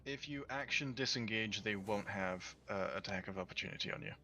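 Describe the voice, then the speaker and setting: Bright-voiced game master, casual. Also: male voice, on the low side, brisk, faint music behind. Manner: casual, explains rules with many fillers. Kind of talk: running a tabletop game.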